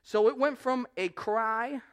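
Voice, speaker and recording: A male pastor preaching a sermon, swinging between loud proclamation and quiet asides. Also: very high-pitched, slow pace, smooth.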